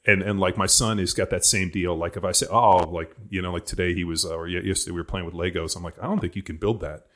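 A man's voice: sits low, fairly even intonation, fast talker, a bit bright. A man in his forties chatting casually about raising his kids, rambling with lots of fillers and restarts. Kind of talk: casual chat.

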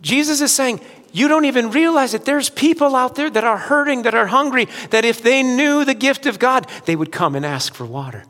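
Male pastor, high bright voice, sermon in a reverberant hall, alternates loud and hushed delivery. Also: expressive, brisk. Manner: swings from loud preaching to quiet, soft-spoken appeals.

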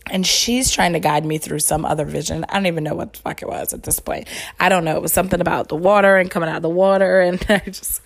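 A woman's voice: lowish voice, creaky. A woman podcast host telling a personal story in a casual, heartfelt way, rambling with many fillers and restarts. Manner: earnest and heartfelt.

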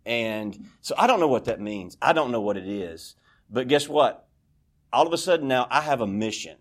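A man's voice: medium pitch, lively intonation, moderate pace. A man tells his own recovery story to a meeting. He talks candidly and pokes fun at himself, slipping into the voices of the people in his story. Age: 40s. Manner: candid, self-deprecating, acts out dialogue. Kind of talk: personal testimony talk.

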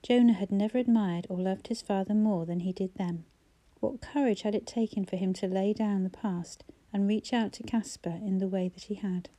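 A woman narrating a novel in a measured, even storytelling manner. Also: medium pitch. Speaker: audiobook narrator.

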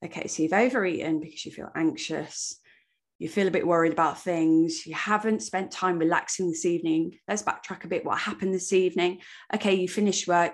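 A young woman hosting her own podcast, reflective and coaching, talking herself through her inner dialogue. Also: on the low side. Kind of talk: solo podcast monologue.

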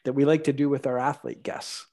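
A man's voice: medium pitch, little pitch movement, a little fast, a little mellow. Encouraging male podcast host. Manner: encouraging, supportive. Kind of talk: casual interview chat.

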